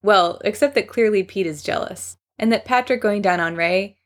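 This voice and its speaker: A woman's voice: mid-range voice, moderate pace. A woman reading a fan story aloud in a wry narrating voice. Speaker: story reader.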